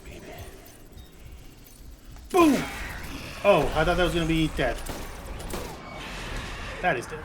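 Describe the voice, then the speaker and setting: A man's voice: a little high, normal speed, long pauses. Sweary, joking young man gaming. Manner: jokey and sweary, banters with in-game characters. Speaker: gameplay streamer. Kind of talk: casual gameplay commentary. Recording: steady background noise.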